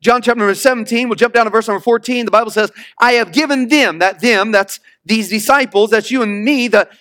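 A male pastor preaching a sermon, emphatic, calling for responses from the congregation and reading scripture slowly. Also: high-pitched, fairly even intonation, a bit bright, dry recording, clean studio sound.

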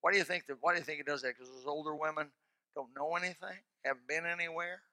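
Bright-voiced, animated male preacher. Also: a little high, fast, no room sound. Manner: folksy and animated, bursting into shouts; plain colloquial speech. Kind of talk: sermon with closing prayer.

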